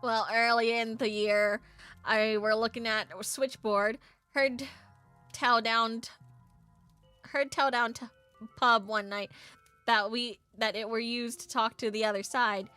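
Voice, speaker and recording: A sheepish, rambling builder with a broad put-on lilt, as a woman performs him. The voice sits high and sharp-edged. Soft music plays underneath. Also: flat delivery, unhurried, pauses often, smooth. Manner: rambling, flustered dialect storytelling. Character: bumbling middle-aged male ghost-raising builder. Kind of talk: voicing game dialogue for stream.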